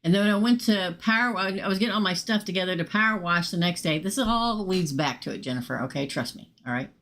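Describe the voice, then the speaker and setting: A woman's voice: fairly low pitch, a little fast. Chatty woman tarot reader. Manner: chatty, animated, swears casually and talks straight to viewers. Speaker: tarot reader hosting a live show. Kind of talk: casual storytelling on a live tarot stream.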